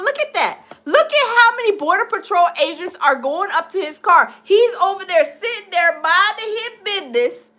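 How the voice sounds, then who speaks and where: A woman hosting a live stream, chatting casually and laughing as she reacts to a video for her viewers. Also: very high-pitched. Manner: animated, laughing, addresses viewers as y'all.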